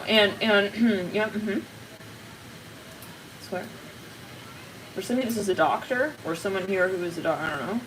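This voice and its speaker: A woman's voice: mid-range voice, normal speed, a bit bright, recorded from a distance, a little hiss or hum, poor audio. A woman giving a casual psychic tarot reading to her viewers, rambling and cutting herself off, blunt and now and then swearing. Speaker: tarot reader.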